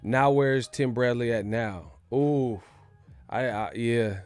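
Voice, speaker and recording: Animated, profane man on a dry mic. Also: medium pitch, takes it slowly, clean tone, dry recording, soft background music. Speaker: boxing news host. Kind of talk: casual livestream commentary.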